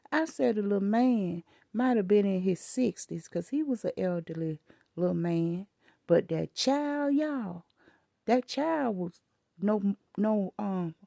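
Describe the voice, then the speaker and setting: A woman's voice: medium pitch, gravelly, dark tone, no room sound. An older woman, telling a story to her viewers in an emphatic, scolding way. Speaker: vlogger.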